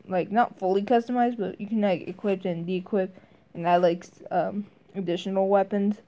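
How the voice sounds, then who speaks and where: Woman, casual game reviewer; slow, mellow delivery; hesitant, filler-heavy. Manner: hesitant, many fillers and restarts; briefly mimics game character lines in higher voices.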